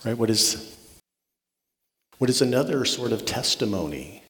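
A man's voice: mid-range voice, animated, unhurried, a bit bright. A man preaching a sermon as a pastor, earnest, often restarting words and checking in with "right?". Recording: long reverb of a large hall.

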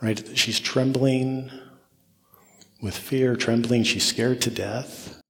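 A man's voice: mid-range voice, fairly even intonation, slow pace, vocal fry. A man preaching an expository sermon, repeating phrases for emphasis as his intensity rises and falls. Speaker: pastor. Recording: long reverb of a large hall.

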